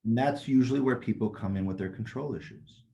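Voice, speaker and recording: A man's voice: mid-range voice, fairly quick, creaky, warm tone. A man co-hosting a casual podcast as a Taoist teacher, talking bluntly, swearing freely and telling stories with energy. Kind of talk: casual chat.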